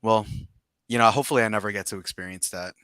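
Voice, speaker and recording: A man with a lowish but bright voice co-hosts a live stream, chatting playfully and restarting his sentences often. The recording is dry and close to the mic. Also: steady tone, clear, resonant tone, no echo. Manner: playful, jokey, halting with restarts. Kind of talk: casual chat.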